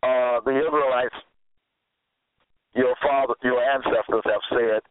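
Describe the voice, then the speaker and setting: A man's voice: medium pitch, steady tone, unhurried, dry recording. A man preaching a sermon, exhorting and scolding his listeners and repeating his phrases. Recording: tinny phone-like, dry sound.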